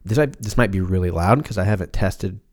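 An American man in his thirties hosts a podcast, chatting casually with profanity and jokes while stumbling over his words. His voice is low, slightly mellow and a bit fast, with a slight lisp.

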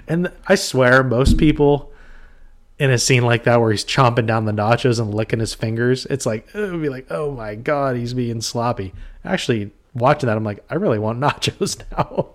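A man's voice: mid-range voice, normal speed. A man co-hosting a horror movie podcast in casual chat, often laughing as he reads out movie lines. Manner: laughs often while reading movie quotes. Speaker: podcast co-host.

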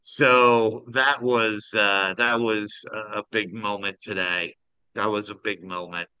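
A man's voice: lowish voice, fairly even intonation, takes it slowly, bright, forceful tone, smooth, no room sound, poor audio. A middle-aged man co-hosting a casual podcast over a video call, telling a story animatedly and acting out the voices in it. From Minnesota. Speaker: podcast co-host.

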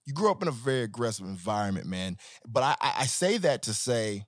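A man hosting a podcast in a casual solo monologue, profane and animated, swinging between joking and earnest talk. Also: medium pitch, brisk, no room sound, clean studio sound. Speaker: podcast host.

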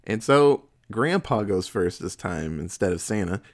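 A man's voice: fairly low pitch, lively intonation, a little slow. A man in casual chat, retelling a movie plot in a profane, laughing storytelling manner.

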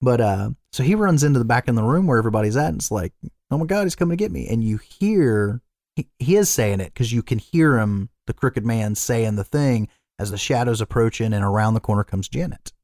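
A man's voice: mid-range voice, animated, a little fast, a little mellow, no echo, clean studio sound. A man co-hosting a podcast, casually retelling a film plot, swearing freely and rambling with fillers. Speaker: podcast co-host. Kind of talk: casual chat recapping a film.

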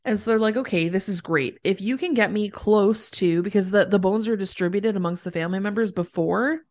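A woman's voice: mid-range voice, fairly quick, darkish tone. A woman co-hosting a podcast, recapping a TV episode in casual chat and laughing often mid-sentence. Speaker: podcast co-host.

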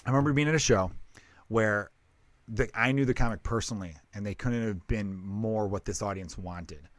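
A comedian hosts a casual podcast chat in a fairly low voice at a moderate pace, with no echo. He rambles, swears, and keeps tripping over and interrupting his own sentences.

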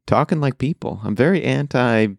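A man's voice: medium pitch, animated, moderate pace, vocal fry, no room sound, clean studio sound. A man co-hosting a casual gaming podcast, playful and joking as he runs through the lineup. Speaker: podcast co-host. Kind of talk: casual chat.

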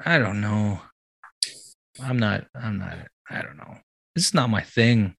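Bright, laid-back man chatting. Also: on the low side, lively intonation, takes it slowly, gravelly, breathy edge, no room sound, studio quality. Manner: laid-back, repeats words, trails off quietly. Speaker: podcast co-host. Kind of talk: casual chat.

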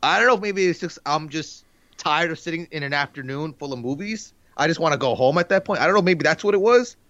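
A man's voice: on the high side, lively intonation, fast, fairly bright tone, no room sound, highs cut off. A man in his thirties co-hosting a podcast, chatting casually in a rambling, laid-back way full of fillers. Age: 30s. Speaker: podcast co-host. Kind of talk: casual chat.

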